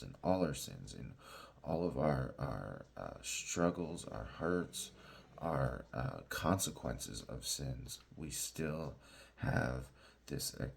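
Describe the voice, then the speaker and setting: Very deep gravelly pastor teaching slowly. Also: male voice, slight background noise. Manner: halting, many fillers and restarts, asks "right?" and "y'all". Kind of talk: bible teaching.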